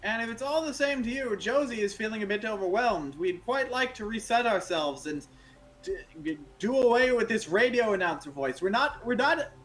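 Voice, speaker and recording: A woman's voice: on the high side, lively intonation, moderate pace, a bit bright, low-quality recording. Woman doing an old-timey radio announcer. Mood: formal. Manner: formal, refers to self as "we". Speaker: co-host.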